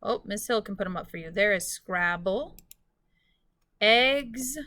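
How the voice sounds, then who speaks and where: In a recorded phonics lesson, a woman teacher with a mid-range, fairly bright voice talks slowly and distinctly. She stretches out her words so students can follow.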